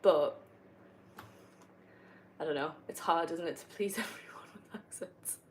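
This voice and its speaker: A young woman from North East England with a Northumbrian accent speaks in a deep, whispered voice at an unhurried pace. Gaming while answering viewer questions, she chats and rambles casually, laughing often. The recording quality is low.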